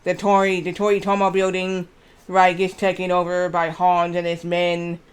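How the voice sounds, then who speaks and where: A man streaming live, chatting casually and reading aloud haltingly with lots of fillers. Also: sits high, completely flat delivery, smooth. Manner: rambling, reads aloud haltingly with many fillers.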